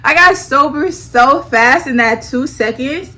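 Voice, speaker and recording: Young female vlogger, slightly high voice, casual and animated, talks straight to viewers. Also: a little slow. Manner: animated, dramatic, slang-heavy, addresses viewers as y'all. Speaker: storytime vlogger. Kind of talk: casual storytelling.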